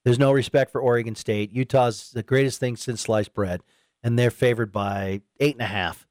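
A man's voice: medium pitch, normal speed, dry recording, clean studio sound. A man hosting a sports talk radio show, chatting casually and acting out fans' reactions in a raised voice. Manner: animated, quotes imagined fans in raised voice. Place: radio studio.

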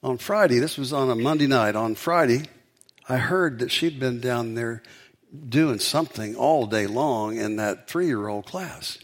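A male pastor delivers a sermon through a long personal story. His voice sits at a mid pitch. He builds to forceful, emphatic peaks. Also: a little slow.

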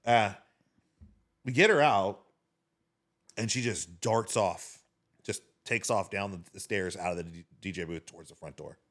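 Man, lower voice, animated storyteller, swears a lot, podcast guest. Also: measured pace, long pauses. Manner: animated, swearing, talks with his hands. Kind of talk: casual storytelling.

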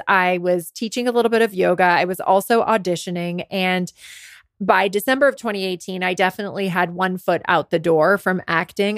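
A woman's voice: mid-range voice, fairly bright tone, no echo, clean studio sound. A woman around forty, hosting her podcast, tells a candid personal story. She says she is worn out and under the weather, and her talk gets emotional and full of restarts. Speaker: podcast host and business coach.

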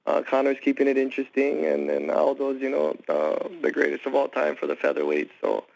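A man from Hawaii speaking as a guest on a phone interview, talking haltingly with many restarts and fillers. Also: medium pitch, expressive, gravelly, darkish tone, no echo, rough recording. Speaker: guest fighter.

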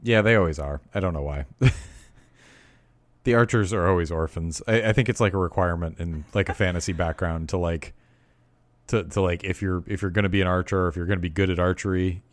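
A man co-hosting a casual podcast, trading deadpan jokes and quick one-line quips, often restarting his sentences. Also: low-pitched, no room sound. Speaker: podcast co-host. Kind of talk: casual chat.

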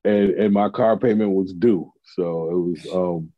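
A man's voice: low voice, fairly even intonation, measured pace, no room sound, lo-fi sound. A man, a comedian and TV writer, telling a story in casual chat and acting out the quotes of the people in it.

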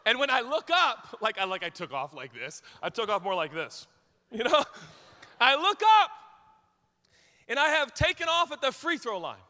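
An extremely high-pitched male pastor from Washington state, USA, speaks at a moderate pace, his words trailing into long reverb in the church sanctuary. His sermon features a self-deprecating story packed with jokes and lively anecdotes.

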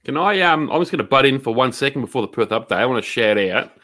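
Chatty Australian podcast bloke. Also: male voice, mid-range voice, animated, quick pace, pushed and bright. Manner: chatty, swears casually, rambling. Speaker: podcast co-host. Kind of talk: casual podcast banter.

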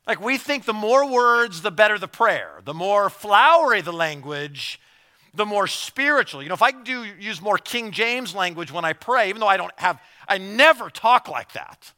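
A man preaching a sermon in a conversational way, repeating words as he goes and acting out quick asides. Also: high voice, animated, sharp tone. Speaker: pastor.

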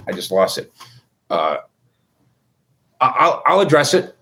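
A man's voice: medium pitch, big pitch swings, measured pace, pushed and bright. A man hosting a casual sports recap, chatty and wisecracking with rambling asides. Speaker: sports reporter host.

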